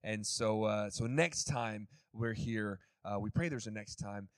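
Upbeat Texan missionary preacher. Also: male voice, lowish voice, measured pace, clear, resonant tone, dry recording, clean studio sound. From Dallas, Texas. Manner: chatty, upbeat, joking with the congregation. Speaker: missionary guest speaker. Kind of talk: sermon opening. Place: church sanctuary.

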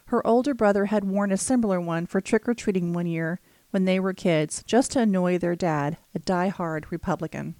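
A woman narrating an audiobook thriller in a steady, measured reading. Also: lowish voice, no echo.

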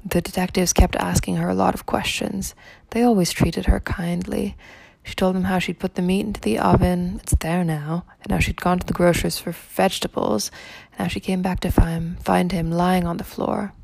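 A woman reads a story aloud in a low, gravelly voice, measured and even. The sound is close and completely dry, with no room around it. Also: no room sound. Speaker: narrator. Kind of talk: storybook narration.

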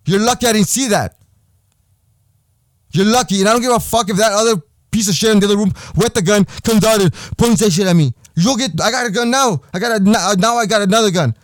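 A man's voice: high voice, fast talker, no room sound, studio quality. A young man hosting a podcast, delivering a heated, profanity-laden personal rant with lots of repetition. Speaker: podcast host.

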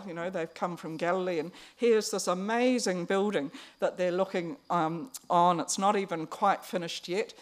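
Woman, chatty sermon, lowish voice, fillers and restarts. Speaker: preacher.

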